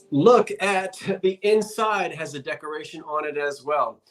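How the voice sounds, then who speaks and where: A man's voice: on the high side, measured pace. A man hosting a live online auction of antiques, playful and chatty, joking as he counts down bids.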